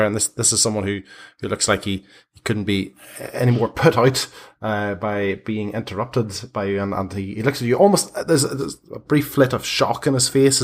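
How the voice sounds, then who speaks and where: A man narrating a tabletop game as game master, often restarting his phrases. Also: on the low side. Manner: halting, many restarts and fillers.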